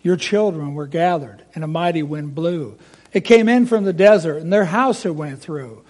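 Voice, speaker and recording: A man's voice: on the high side, moderate pace, darkish tone, natural voice. A man voicing messengers who bring grim news in rhymed lines.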